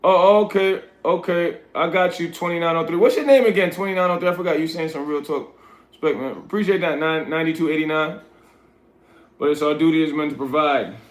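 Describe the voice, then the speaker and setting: A man with a New York accent chats on his livestream, answering comments one by one. His voice sits high, and he gives blunt, street-style advice. The sound rings in an echoey room. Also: fairly quick. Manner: reads chat aloud, coaching and scolding viewers. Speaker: livestream host. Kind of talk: casual livestream chat.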